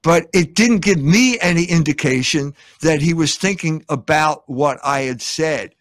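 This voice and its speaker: An older man delivers a combative commentary monologue, scolding and mocking by turns. His voice sits high for a man. The recording is dry and close, with no room sound around him. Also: unhurried, dry recording.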